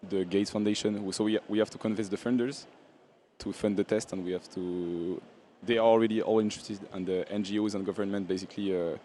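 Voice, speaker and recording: Low, dark-voiced man answering a panel. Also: steady tone, slight background noise. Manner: halting, repeats words. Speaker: startup founder pitching. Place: outdoor festival stage.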